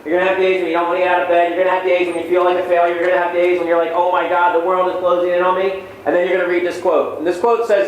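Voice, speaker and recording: A middle-aged man giving an energetic motivational lecture to students, firing off punchy lines and checking in with "okay?" again and again. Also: sits high, very fast, hardly any pauses. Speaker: motivational speaker. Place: large lecture hall. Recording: very echoey hall, distant mic.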